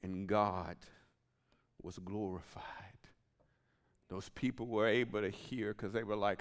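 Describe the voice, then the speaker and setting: A man's voice: on the low side, steady tone, unhurried, long pauses, clean tone. A man preaching a sermon as pastor, telling a personal story and dropping to whispered asides. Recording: long hall reverb.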